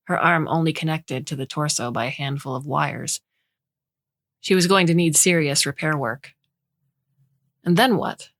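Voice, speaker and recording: Woman reading a story, low voice, steady expressive delivery, dry sound. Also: no echo. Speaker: narrator. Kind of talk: scripted story narration.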